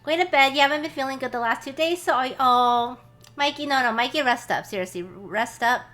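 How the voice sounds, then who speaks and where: A young woman from the United States, a streamer, chatting casually with her chat from a warm small room, swearing and laughing often. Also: high-pitched, fairly quick.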